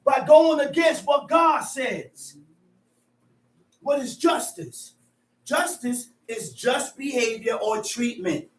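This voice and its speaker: A man preaching on justice, loud and emphatic, often repeating words as he drives his point home. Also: very high-pitched, slow. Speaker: teacher. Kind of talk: street preaching. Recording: echoey, distant mic.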